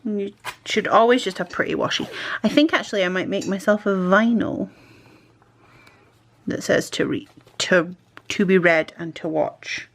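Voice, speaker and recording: A woman's voice: mid-range voice, a little slow, long pauses, fairly bright tone. A woman chatting casually as a stationery vlogger, self-deprecating and talking to herself while she works. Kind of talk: casual chat while crafting.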